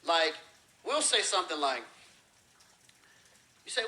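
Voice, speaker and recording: A man gives an explanatory lecture in a bright, fairly high voice. He illustrates his points with everyday examples, acting out short phrases along the way. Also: very animated, a little slow, pauses often, rough recording. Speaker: religious teacher.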